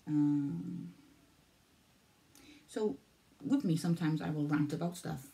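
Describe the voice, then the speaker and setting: A woman's voice: low voice, sing-song, slow, vocal fry, mellow. A Welsh woman in her forties talking casually to camera, rambling, repeating herself and losing her thread. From Wales. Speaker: vlogger. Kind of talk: casual vlog talk to camera.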